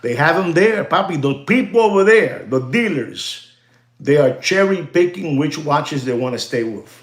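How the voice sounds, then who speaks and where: A man hosting a watch channel, ranting to his viewers in an animated, repetitive way and slipping into Spanish phrases. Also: on the high side, normal speed, roomy sound. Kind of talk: livestream rant to viewers.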